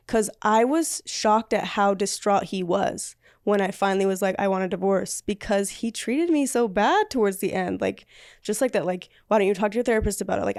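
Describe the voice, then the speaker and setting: A woman's voice: mid-range voice, a little mellow, dry recording, clean studio sound. A woman guest in an interview, speaking in a reflective, hesitant way with many fillers. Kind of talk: conversational interview.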